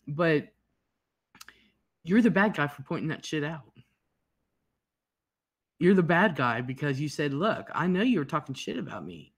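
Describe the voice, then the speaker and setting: A man hosting a livestream, talking calmly and reassuringly in casual chat. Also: a little high, breathy edge. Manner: calm, reassuring, deliberate. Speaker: livestream host.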